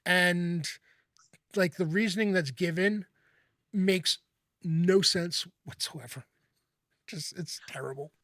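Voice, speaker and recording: A man with a slightly raised voice leads a casual chat. He talks in halting bursts, repeating words and restarting sentences. The sound is dry, with no room echo. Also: high voice, fairly bright tone. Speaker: host.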